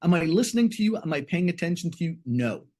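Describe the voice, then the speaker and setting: Speaking quickly in a fairly high voice, a middle-aged man presents an instructional webinar. He keeps it conversational and lively, performing bits of example dialogue in assorted voices.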